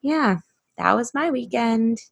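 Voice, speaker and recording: A woman's voice: on the high side, expressive, takes it slowly, vocal fry, dull audio. A woman co-hosting a podcast, telling stories in casual chat with lots of fillers, talking over a remote call microphone. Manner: chatty storyteller, many fillers. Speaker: podcast co-host.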